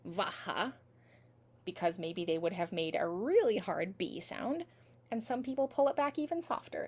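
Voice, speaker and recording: A woman teaching an online singing class, sounding out words slowly and carefully, syllable by syllable. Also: medium pitch, darkish tone. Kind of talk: online language and singing lesson. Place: home online class over video call.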